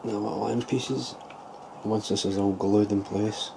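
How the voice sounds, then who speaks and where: A lower-pitched man talks through his hobby model build in a loose, rambling way, circling back and correcting himself as he goes. A steady wash of background noise sits clearly under his voice. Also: measured pace. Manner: rambling, thinking aloud with restarts. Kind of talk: casual show-and-tell vlog.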